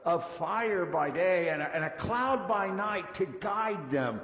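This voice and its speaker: Animated man preaching in an echoey hall. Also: sits high, slow pace. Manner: animated, swings between loud and hushed. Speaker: pastor. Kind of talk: sermon. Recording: dull echoey hall recording.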